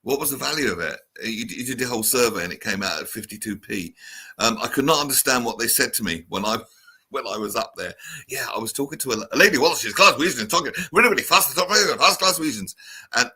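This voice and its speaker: A man's voice: lowish voice, creaky, sharp tone, slightly rough. A man hosting a casual chat show, chatty and reading out viewer comments. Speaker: show host.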